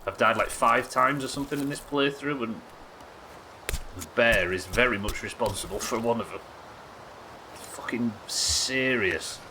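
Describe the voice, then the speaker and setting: A man's voice: medium pitch, fairly even intonation, moderate pace, background noise. A man from the United Kingdom chatting and joking casually while streaming a survival game, swearing now and then. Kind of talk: casual gameplay commentary.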